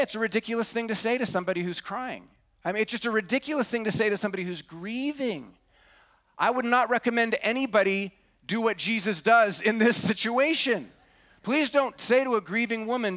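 High-voiced man preaching earnestly. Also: animated, a little fast. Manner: earnest preaching, drops to a hush on key words. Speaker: pastor. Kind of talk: sermon.

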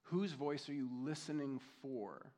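A man in his fifties preaching a sermon in a conversational, reflective way, reading scripture slowly and telling personal stories. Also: medium pitch, expressive, dark tone. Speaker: pastor.

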